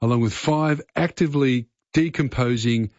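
A man's voice: medium pitch, normal speed, a little mellow, no room sound, muffled recording. A middle-aged Australian man hosting a casual radio quiz, chatty and full of uh fillers. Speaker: radio host.

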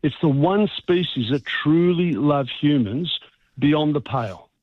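A man's voice: on the high side, lively intonation, measured pace. An Australian male vet talks through a radio phone interview, his explanations long and expansive. The sound comes over a narrow, tinny phone line, dry with no room echo. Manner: warm, expansive, rambling explanations. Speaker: veterinarian guest on the phone. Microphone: telephone line.

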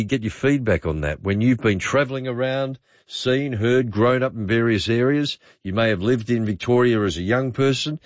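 A middle-aged Australian man hosting overnight talkback radio, musing aloud with frequent pauses and fillers. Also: mid-range voice, no echo, lo-fi sound. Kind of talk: late-night talkback radio. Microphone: studio microphone.

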